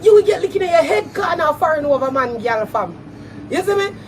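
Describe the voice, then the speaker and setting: Jamaican guy yelling a diss in patois, super high voice, faint traffic noise behind. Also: animated, fairly quick, far from the mic. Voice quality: shouty patois, loud laughter between threats. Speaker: social media personality. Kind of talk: angry diss rant to camera.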